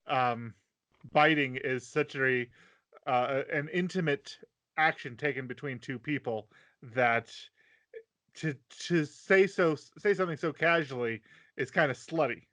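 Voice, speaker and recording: A man with a medium-pitched, bright, forceful voice co-hosts a casual podcast. He explains anime plot points, adding details and corrections to his co-host's recap.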